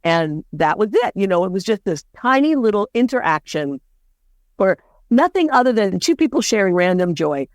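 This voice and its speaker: A woman's voice: moderate pace, dry recording, clean studio sound. A woman co-hosting a podcast, talking casually and telling stories with lots of animation. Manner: animated storyteller, lively swings in pitch. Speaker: podcast co-host. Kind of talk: casual conversation.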